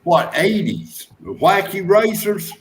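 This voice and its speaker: Folksy joker, slow speaker, casual chat with a faint hiss behind. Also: male voice, high-pitched, very animated. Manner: joking, folksy, teasing. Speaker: livestream guest.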